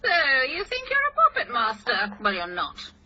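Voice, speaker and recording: A woman's voice: on the high side, wildly swooping pitch, normal speed, pushed and bright, husky, exaggerated voice. A woman voicing a snobbish, disdainful woman for a toy's voice pack, played back through a small speaker. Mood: sneering. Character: snobbish haughty woman, toy voice. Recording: dull toy speaker playback.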